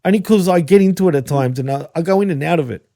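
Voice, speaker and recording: An Australian man in loose, profane podcast chat, full of bro and dude and quick laughs. His voice sits a touch high for a man yet sounds mellow and dark. The recording is close and dry, with no room sound. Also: dry recording. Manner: swears often, laughs a lot, says bro and dude. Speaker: podcast co-host. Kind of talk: casual chat.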